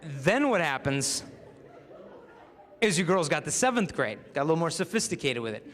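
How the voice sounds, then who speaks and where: A lively young man speaks to a crowd, slipping into comic voices as he tells his stories. His voice sits a little high for a man and rings with long reverb from a big hall. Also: normal speed. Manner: animated, acts out voices for comic effect. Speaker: youth speaker. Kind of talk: humorous inspirational talk. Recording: echoey hall.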